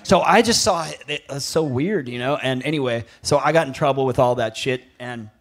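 A man in his fifties tells rambling stories in casual talk, swearing freely and breaking into laughter. His pitch sits in an everyday middle range, and he often restarts his sentences. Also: fairly quick. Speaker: guest, former pro surfer. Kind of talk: casual storytelling.

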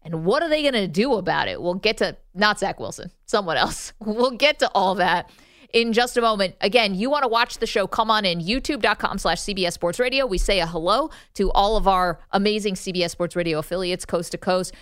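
A woman's voice: mid-range voice, lively intonation, a little fast, hardly any pauses, a bit bright, dry recording, clean studio sound. A woman co-hosting a sports talk radio show, upbeat and playful in casual banter.

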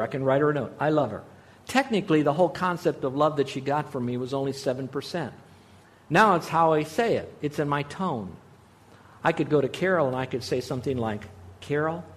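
A man's voice: a little high, a little mellow. A middle-aged man pastor giving a radio sermon, earnest and conversational, acting out short quotes.

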